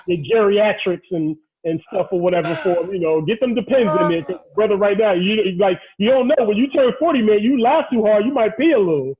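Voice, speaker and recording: A man's voice: high voice, brisk, hardly any pauses, a crowd in the background. A man hosting a casual podcast who rambles with many fillers and teases his co-hosts, heard over a tinny phone-like line. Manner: rambling, filler-heavy, teasing. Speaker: podcast host.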